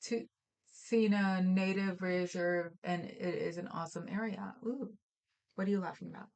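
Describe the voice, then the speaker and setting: A woman's voice: lowish voice, steady tone, unhurried, a little mellow. Chatty woman co-hosting a stream. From Oakland, California. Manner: rambling, storytelling, trails off with fillers. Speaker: livestream co-host. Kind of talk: casual chat.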